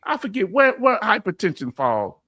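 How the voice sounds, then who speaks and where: A man's voice: sits high, huge pitch swings, normal speed, pushed and bright, no room sound. A man with a Southern accent hosting a casual livestream chat, reading out viewer comments and calling people brother. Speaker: host.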